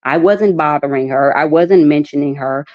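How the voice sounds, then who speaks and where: A woman calling in to a live stream, hesitant and defensive, speaking in halting bits. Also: sits low. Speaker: guest calling in. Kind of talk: casual chat. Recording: muffled lo-fi call audio.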